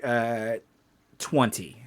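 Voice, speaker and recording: A man running a tabletop game as dungeon master, playful and animated. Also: mid-range voice, extremely slow, a crowd in the background.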